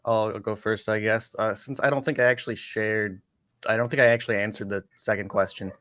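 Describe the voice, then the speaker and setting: Relaxed man, dry close sound. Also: fairly low pitch, fairly quick, no room sound. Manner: relaxed storytelling, mild swearing. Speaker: guest. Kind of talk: casual chat.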